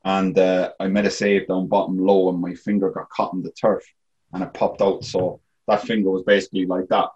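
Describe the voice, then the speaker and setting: A very low-voiced Irish man, a former goalkeeper, talks as a guest. He tells his stories in a rambling, casual way and leans on fillers like "you know.". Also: flat delivery, brisk, a little mellow, muffled recording. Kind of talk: casual storytelling.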